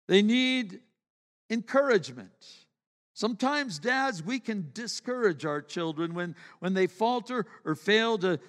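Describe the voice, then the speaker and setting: A man's voice: sits high, fairly bright tone, in a large hall. A male pastor preaching a sermon earnestly, often repeating his words and acting out short exchanges.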